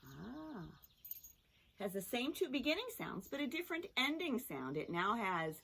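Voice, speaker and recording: A middle-aged woman teaching a children's phonics lesson, talking slowly in a sing-song way and mixing in songs. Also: fairly high pitch, vocal fry, husky. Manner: slow, lively, sing-song teacher talk to young children.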